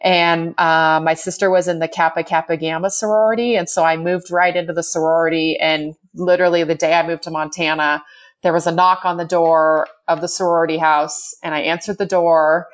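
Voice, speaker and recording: Brisk and level-toned, a low-voiced American woman in her forties tells a story as a guest in a casual chat. She laughs often and keeps slipping "like" into her sentences.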